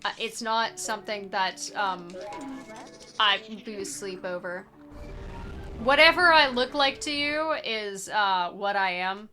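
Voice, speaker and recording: Bright-voiced playful young woman streamer. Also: mid-range voice, animated, slow pace, soft background music. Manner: playful, rambling, lots of filler "like". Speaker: streamer playing a randomized adventure game. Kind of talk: casual gameplay commentary.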